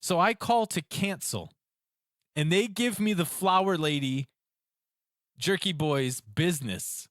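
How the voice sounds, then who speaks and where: A man tells a long, fired-up story on a casual podcast, acting out the other side of each phone call as he goes. His voice sits a bit high for a man and is recorded close with no room sound at all. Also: slow pace, pauses often, no room sound. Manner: animated ranting storyteller, acts out phone calls. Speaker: podcast co-host. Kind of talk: casual chat.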